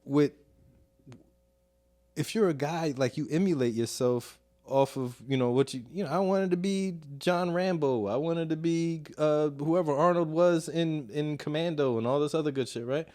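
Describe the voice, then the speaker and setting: A man from Chicago, a comedian guest, telling stories in a casual podcast chat with sudden loud bursts. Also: fairly high pitch, moderate pace. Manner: animated, profane storytelling with sudden loud bursts.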